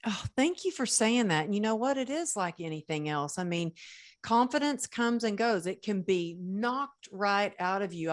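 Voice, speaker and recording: A woman hosting a podcast interview, telling stories in an earnest, animated way. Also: lowish voice. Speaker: podcast host. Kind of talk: conversational interview.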